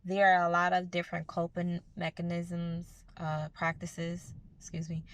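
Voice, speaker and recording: A woman's voice: fairly low pitch, completely flat delivery, measured pace, no echo. A woman giving a casual, earnest motivational talk to her viewers, speaking conversationally about spiritual growth. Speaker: self-help vlogger.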